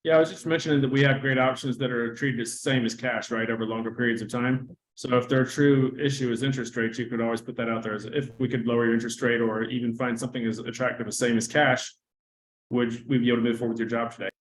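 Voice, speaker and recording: Fast, flat-voiced man in an echoey room. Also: mid-range voice. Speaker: class participant. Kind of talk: casual discussion in a class.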